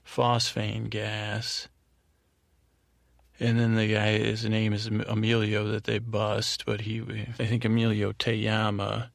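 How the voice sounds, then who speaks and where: A man's voice: fairly low pitch, vocal fry, no room sound, clean studio sound. A man hosting a bedtime podcast, recapping an episode in a meandering way with fillers and restarts. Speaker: podcast host.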